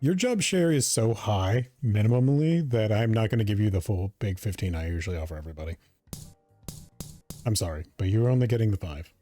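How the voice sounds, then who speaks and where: Guy streaming a game, playful and animated, mellow tone. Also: lowish voice, fairly quick, faint music behind. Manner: playful, expressive reactions. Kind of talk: casual gameplay commentary.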